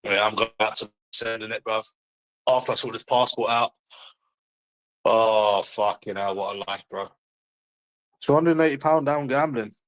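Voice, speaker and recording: A man's voice: on the low side, normal speed, pauses often, a bit bright, rough recording. Blunt, foul-mouthed London man. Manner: blunt, heavy swearing, mocking. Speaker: livestreamer. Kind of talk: casual livestream chat to viewers.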